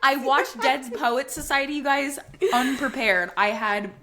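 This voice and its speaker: A young woman in her twenties chats on a podcast she co-hosts, telling stories with big dramatic flair. Her voice sits fairly high and she swears casually as she talks. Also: a little slow, slight background noise. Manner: animated, swearing, dramatic storytelling. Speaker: podcast co-host. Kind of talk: casual chat.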